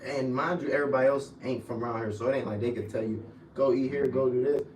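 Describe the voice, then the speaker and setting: A man's voice: steady tone, fast. Young guy chatting about his football days, laid back, kinda far from the mic in a roomy space. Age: young adult. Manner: laid-back storytelling with slang, drifts low and quiet. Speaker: former college football player, guest. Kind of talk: casual podcast chat. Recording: echoey room, mic at a distance, faint noise.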